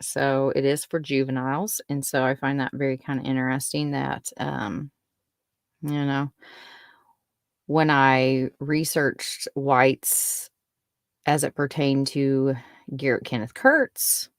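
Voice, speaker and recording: Low-voiced rambling woman podcaster. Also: level tone, takes it slowly, vocal fry, no room sound, clean studio sound. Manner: rambling, giggly, self-interrupting. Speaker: podcast host. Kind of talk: casual spoken update.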